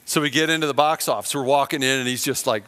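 A middle-aged man preaching a sermon, telling a personal story and acting out the lines of the people in it with big swings in loudness. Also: mid-range voice, fairly even intonation, fast, background noise. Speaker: pastor.

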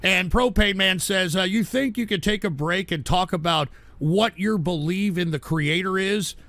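A livestream host with a high, raspy-edged voice and a sharp, tense bite reads his chat and rants irritably with lots of profanity. He shifts from low grumbles to loud outbursts at normal speed, and the sound is close and dry with no echo.

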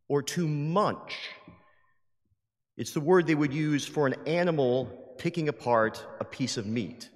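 Emphatic preacher man in a reverberant church. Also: a little high. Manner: lively, emphatic, acts out quoted voices. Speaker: priest. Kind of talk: sermon. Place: large church. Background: long hall reverb.

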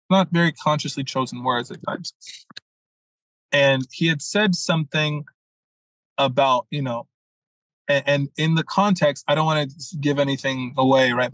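A man's voice: medium pitch, a bit bright, dry recording, low-quality recording. A young adult man, a mentor, telling a story in a casual podcast talk, acting out quotes and swearing freely. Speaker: masculine leadership mentor, guest.

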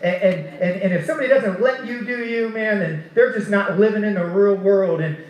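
High-voiced male preacher, echoey room. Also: brisk. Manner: conversational preaching, fillers like "man". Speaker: pastor. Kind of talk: sermon. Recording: roomy echo.

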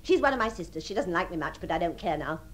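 An actress in a radio drama playing a refined, lonely woman who imagines she is about to marry, her voice moving between breathy tenderness and giddy excitement. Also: fairly low pitch, quick pace. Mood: confused, insistent. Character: deluded lonely upper-class spinster dreaming of marriage. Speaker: the Princess.

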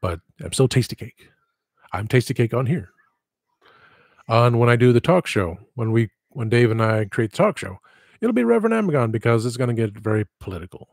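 Husky guy rambling on his livestream, dry close sound, keeps going off on tangents. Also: mid-range voice, big pitch swings, a little fast, no echo. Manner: rambling, digressive, self-deprecating. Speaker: livestream host. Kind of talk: casual livestream chat.

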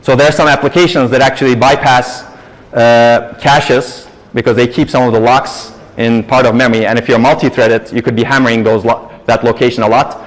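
A man's voice: medium pitch, fairly even intonation, fairly quick, rough recording. Man lecturing, emphatic and explanatory. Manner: explanatory, emphatic, leans on "actually". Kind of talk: university lecture with audience questions. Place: lecture hall.

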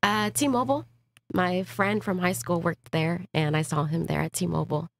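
A woman's voice: lowish voice, steady tone, moderate pace, gravelly, a little hiss or hum. A woman guest on a podcast giving shy, brief answers.

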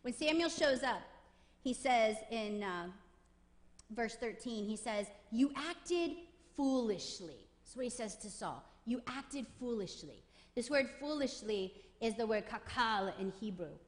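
A woman preaching a sermon with emphatic delivery, building to forceful peaks on repeated phrases. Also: fairly high pitch, lively intonation, a little slow. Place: church sanctuary. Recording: long church reverb.

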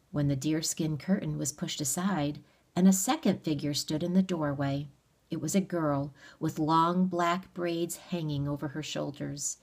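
Low-voiced woman reading a novel aloud. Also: darkish tone. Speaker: audiobook reader. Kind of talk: read-aloud narration of a novel.

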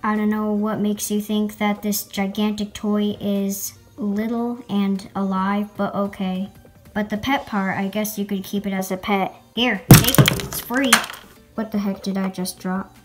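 A woman's voice: mid-range voice, flat delivery, measured pace. Young female creator, sarcastic and mock-offended, reading comments over faint music. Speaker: LPS video creator reading hate comments.

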